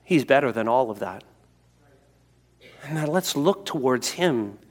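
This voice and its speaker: A man preaching a sermon as pastor, animated, swinging between loud bursts and hushed storytelling. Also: mid-range voice, a little slow, in a large hall.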